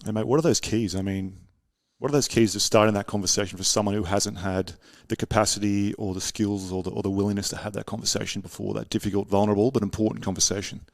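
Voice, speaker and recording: Aussie host, lowish voice, fast, asks long friendly questions, dry close sound. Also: male voice, fairly even intonation, vocal fry, no room sound. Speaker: podcast host. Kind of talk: interview questions.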